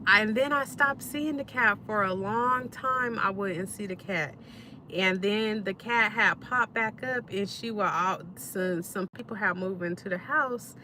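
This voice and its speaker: Bright-voiced woman chatting slowly on a livestream. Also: mid-range voice, a little hiss or hum. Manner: relaxed storytelling, talks straight to viewers. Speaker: livestream host. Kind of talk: casual live-stream chat while eating.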